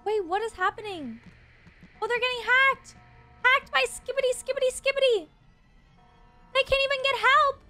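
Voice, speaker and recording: A woman hosting a reaction video, excitable and gasping often, talking to her viewers. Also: very high-pitched, normal speed, pauses often, soft background music.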